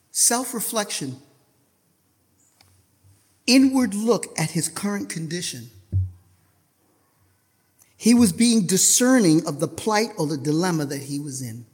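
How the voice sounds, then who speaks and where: High, lively-voiced impassioned preacher man. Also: in a large hall. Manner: impassioned, swings from hushed asides to shouted outbursts; rhetorical questions to the congregation. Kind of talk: sermon.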